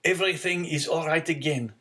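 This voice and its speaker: A man doing a frail gentle old father. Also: on the high side, fairly quick, pitched above the performer's own voice. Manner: weak, self-effacing.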